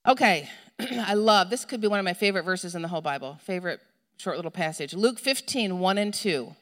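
A middle-aged woman preaching a sermon, telling a story with lively, acted-out moments and calls to the congregation. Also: lowish voice, fairly quick. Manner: animated storytelling, acts out shouting for a lost child. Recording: long hall reverb.

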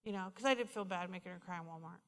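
Woman preacher, bright, lively storytelling sermon, hall echo. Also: fairly low pitch, racing. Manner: passionate storytelling preacher, swings from loud to hushed. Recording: hall reverb.

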